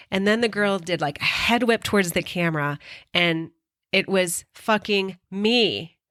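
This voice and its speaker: A woman's voice: medium pitch, normal speed, fairly bright tone, no room sound, clean studio sound. A middle-aged woman hosting a podcast, telling a personal story in an earnest, emotional way and swearing casually. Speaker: podcast host.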